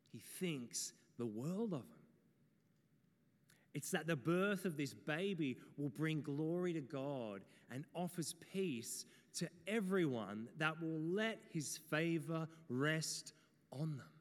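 A man preaching a sermon, telling stories and speaking straight to his listeners. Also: a little high. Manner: storytelling, animated, addresses the audience directly. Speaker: pastor. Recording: long reverb in a hall.

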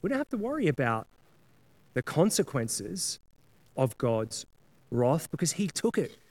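A man's voice: on the high side, big pitch swings, a little slow, darkish tone. A man preaching a sermon in a casual, earnest way, often acting out prayers and apologies in quoted voices. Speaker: pastor.

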